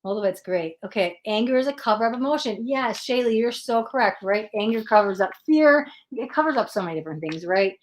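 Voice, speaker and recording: A woman's voice: a little high, expressive, fairly quick, hardly any pauses. A woman hosting a livestream tarot session, giving earnest spiritual advice in a casual chat style and often checking in with "right?".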